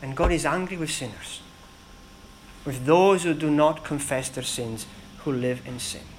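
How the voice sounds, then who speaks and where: A man preaching a sermon in an earnest, emphatic way, with dramatic pauses between phrases. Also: fairly high pitch, a little hiss or hum, low-quality recording.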